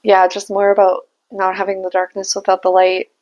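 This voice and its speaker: A woman's voice: mid-range voice, completely flat delivery, brisk, a little mellow, dull audio. A young adult woman giving a casual spiritual tarot reading, musing aloud and laughing at herself. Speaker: tarot reader and channeler.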